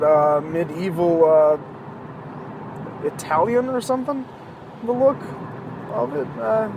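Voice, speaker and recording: A podcast host whose voice sits high rambles in a casual monologue while driving his car, with background noise around him. Along the way he cracks jokes and swears sarcastically.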